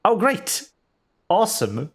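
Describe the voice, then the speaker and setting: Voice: mid-range voice, huge pitch swings, slow pace. A VTuber streamer giving rambling, chatty commentary while playing, full of fillers and small laughs. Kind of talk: casual game stream commentary.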